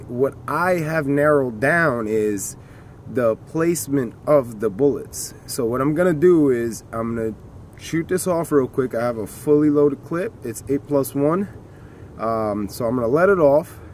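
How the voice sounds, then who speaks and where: A man's voice: mid-range voice, expressive, unhurried, slight background noise. A man casually talking through a handgun demonstration outdoors in the cold, rambling with folksy jokes and asides. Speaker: gun video host.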